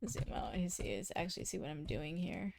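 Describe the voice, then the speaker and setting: A woman live-streaming her drawing, chatting casually with her viewers and poking fun at her own struggles, often muttering quietly as she works. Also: sits low, lively intonation, brisk, creaky. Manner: chatty, self-mocking, talks to her chat; often drops to quiet muttering while working. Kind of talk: casual chat while drawing.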